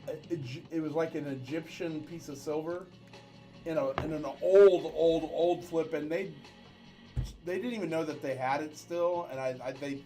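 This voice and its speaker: A man with a slightly higher voice chats loosely on a livestream, wandering through stories and joking as he calls races. His talk is playful and rambling. Soft guitar music plays faintly underneath. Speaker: livestream co-host. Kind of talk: casual livestream chat.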